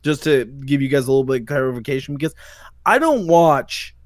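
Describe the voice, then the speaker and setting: Heated livestream commentary comes from a male podcast host whose mid-range voice moves fairly quickly with lively intonation. Swearing and furious, he retells an internet feud, quoting others mockingly, over clean, echo-free studio audio.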